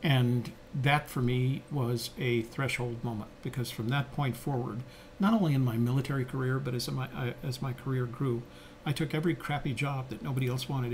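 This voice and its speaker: An older man's mid-range, darkish voice carries his reflective storytelling as a podcast co-host. He's conversational, with frequent fillers and restarts, and a little hiss or hum can be heard.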